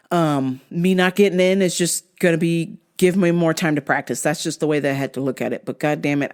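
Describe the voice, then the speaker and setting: Swearing, animated woman podcast host. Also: deep voice. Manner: animated, swears freely, laughs between remarks. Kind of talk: casual monologue.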